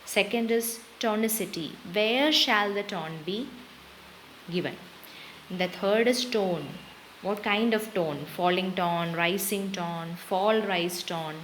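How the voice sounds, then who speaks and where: Slow-speaking woman teacher with Indian English accent. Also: mid-range voice, low-quality recording. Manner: slow, steady, listing terms with brief pauses. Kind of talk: exam-prep lecture. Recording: faint hiss.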